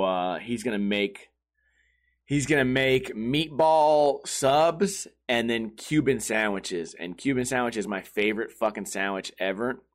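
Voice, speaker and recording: Casual swearing male streamer. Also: mid-range voice. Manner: swears freely, rambling with fillers. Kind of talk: casual storytelling vlog.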